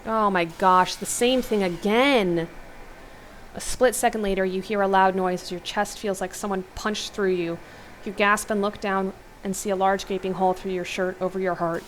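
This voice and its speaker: A woman narrates a horror story in a steady, mid-pitched voice, breaking off now and then for quick reactions. A faint hiss sits under her. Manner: steady narration broken by exclaimed asides. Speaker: let's play host. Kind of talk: reading an interactive novel aloud with asides.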